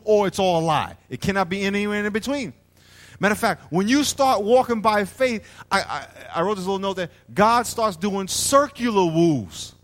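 A man with a very high voice preaches with energy, acting out little scenes and calling out to his congregation. His words ring through a big hall with a long echo that trails behind each phrase. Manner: animated preaching, plays out little scenes and asks the crowd to respond. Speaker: pastor. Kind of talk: sermon. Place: church hall.

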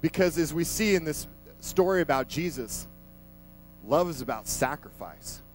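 A man's voice: on the high side, lively intonation, moderate pace, soft background music, rough recording. A man preaching a sermon in a conversational, emphatic way, vividly retelling a scripture passage.

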